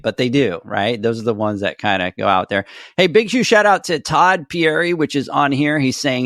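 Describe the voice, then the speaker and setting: A man hosting a podcast, upbeat as he gives shout-outs and steers the questions. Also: medium pitch, lively intonation, normal speed, hardly any pauses, no room sound, studio quality. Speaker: podcast host. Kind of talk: casual podcast chat.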